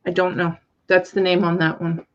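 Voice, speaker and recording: A woman's voice: on the low side, monotone, normal speed, a little hiss or hum. A woman co-hosting a live sale, reading out makers and years of items and thinking aloud as she goes. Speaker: co-host showing auction items. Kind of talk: casual live-stream item descriptions. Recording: dull lo-fi sound.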